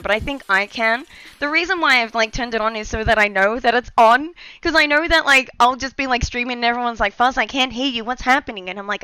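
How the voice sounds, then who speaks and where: A woman's voice: on the high side, creaky, a bit bright, rough recording. A young woman chatting casually with her live-stream chat from a home room, playful and talkative. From Australia. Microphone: desk mic, testing distances.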